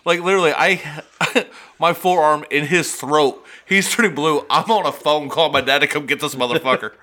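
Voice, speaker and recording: A man's voice: on the high side, fairly even intonation, moderate pace, sharp tone. A young man telling rowdy stories in casual chat, swearing freely and laughing as he talks. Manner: profane, laughing storyteller.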